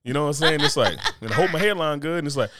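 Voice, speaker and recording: A man's voice: on the high side, animated, rapid-fire, crowd noise. A young man co-hosting a podcast, chatting casually and acting out quotes in mock voices. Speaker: podcast co-host. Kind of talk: casual comedic chat.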